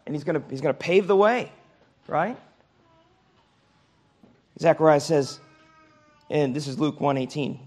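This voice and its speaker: Gravelly man teaching Sunday school. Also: on the high side. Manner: conversational, often checks in with "okay?" and "right?". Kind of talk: Bible class teaching.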